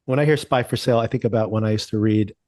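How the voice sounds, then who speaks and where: Low-voiced male podcast co-host. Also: racing, a little mellow, dry recording, studio quality. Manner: chatty, does sing-song voices when quoting. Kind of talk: casual chat.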